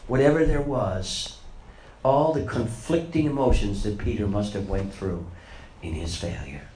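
A man's voice: on the low side, measured pace, a little mellow. A man preaching a sermon, retelling a story with rising and falling dramatic intensity. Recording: roomy echo, faint noise.

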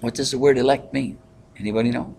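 A man leading a Bible study in a conversational way, pausing with fillers and asking the group questions. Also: medium pitch, fairly even intonation, gravelly, darkish tone, slight background noise. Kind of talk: interactive Bible teaching.

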